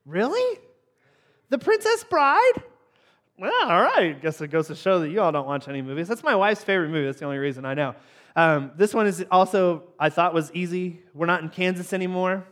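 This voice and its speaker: High-voiced man teasing a live crowd. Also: fairly quick. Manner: animated, jumps up in pitch when surprised. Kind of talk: playful sermon opening with audience participation.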